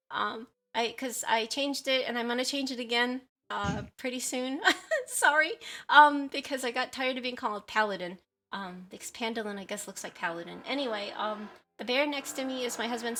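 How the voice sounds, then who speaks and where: A woman's voice: high voice, bright, forceful tone. A woman streamer chatting casually with viewers, rambling with lots of fillers, giggles and apologies. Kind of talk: casual livestream chat with viewers.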